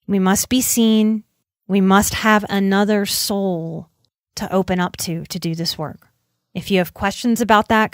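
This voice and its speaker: A middle-aged woman hosting a solo self-help podcast, talking earnestly and emphatically, and slowing down to stretch out the key words. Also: mid-range voice, no echo, studio quality. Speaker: podcast host and counselor.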